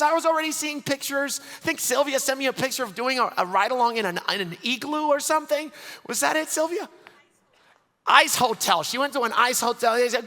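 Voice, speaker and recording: A man giving energetic closing remarks at a large conference, excitable and quick to laugh. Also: extremely high pitch. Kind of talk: conference keynote speech. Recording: long reverb of a large hall.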